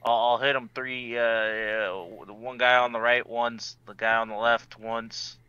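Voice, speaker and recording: A man's voice: mid-range voice, level tone, a little slow, sharp tone, smooth, no room sound, dull audio. A man playing in a tabletop game, talking hesitantly and tripping over his words. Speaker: player. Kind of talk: casual tabletop play.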